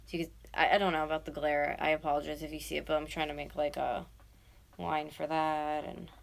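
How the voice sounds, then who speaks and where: Young woman, casual rambling chat, low-pitched, vocal fry. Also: level tone, a little fast. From North America. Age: 20s. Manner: rambling, chatty, drifting into whispers while working. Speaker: YouTuber. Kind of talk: casual livestream chat while sculpting.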